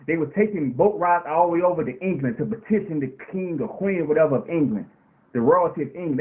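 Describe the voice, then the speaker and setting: A man with a notably high speaking voice gives an impassioned radio interview. He sounds like a preacher, stacking emphatic repetitions and rhetorical questions one after another as he drives his point home. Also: a little mellow, poor audio. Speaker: interview guest.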